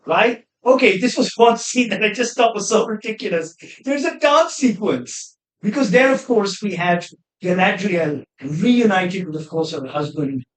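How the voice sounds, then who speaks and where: A man with a fairly high voice gives trailer-reaction commentary. He rambles with plenty of asides and sounds openly exasperated and opinionated. The recording rings with the echo of a bare room. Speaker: film reviewer. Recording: echoey room.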